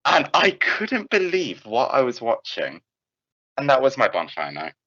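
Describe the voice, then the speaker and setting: Animated young man telling a story. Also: mid-range voice, measured pace. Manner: animated, swears freely, lots of restarts. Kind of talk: casual anecdote telling. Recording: dull, lo-fi, dry sound.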